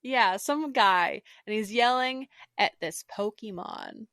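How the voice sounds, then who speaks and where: A woman's voice: medium pitch, animated, slow pace, no echo, clean studio sound. A woman co-hosting a podcast, telling an episode's plot in casual, storytelling chat. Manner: storytelling, warmly recounting scenes. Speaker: podcast co-host.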